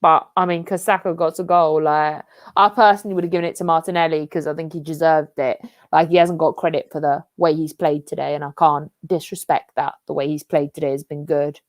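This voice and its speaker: A woman's voice: sits low, fairly even intonation, a little fast, hardly any pauses, no room sound, studio quality. A young woman co-hosting a football watch-along, ranting and swearing at the match. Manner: swearing, explosive outbursts at the match. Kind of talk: live watch-along chat.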